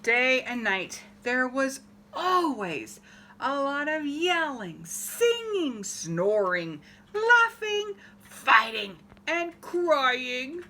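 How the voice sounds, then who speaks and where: A woman with a high-pitched voice reads a picture book aloud to children very slowly. She's animated, acts out the story, and stops to ask her young listeners questions.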